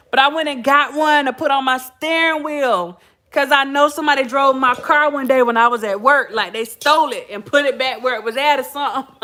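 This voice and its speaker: Woman, middle-aged, bright voice, slightly high, chatty storyteller, laughs a lot. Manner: chatty, laughing, addresses listeners as y'all. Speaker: podcast host. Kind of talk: casual storytelling to viewers.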